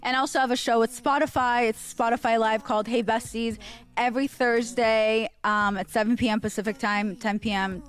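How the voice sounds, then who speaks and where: A woman guesting on a podcast and telling a story in a chatty, rambling way, full of fillers and restarts. Her voice sits somewhat high. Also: steady tone, fairly quick, smooth. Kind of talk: casual storytelling.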